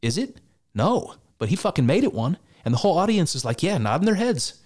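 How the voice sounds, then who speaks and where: A man's voice: on the high side, very animated, normal speed. A man giving sarcastic, exasperated and profane reaction commentary on a debate. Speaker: political commentator.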